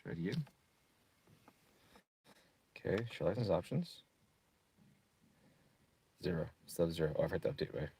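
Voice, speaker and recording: Over a noisy background, a car tuner who streams talks through a tuning website casually, swearing often and ranting when irritated. His low voice is sing-song and gravelly.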